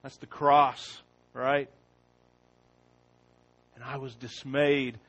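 A man preaching a sermon. He opens with a prayer, then reads scripture slowly and with rising force. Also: medium pitch, little pitch movement, muffled recording. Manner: slow and deliberate, rising loud when reading scripture.

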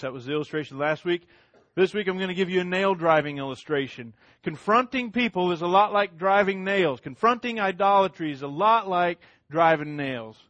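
A middle-aged pastor preaches a sermon in a fairly high voice, recorded lo-fi with no echo. He swings between loud, emphatic lines and hushed ones, repeating himself a great deal.

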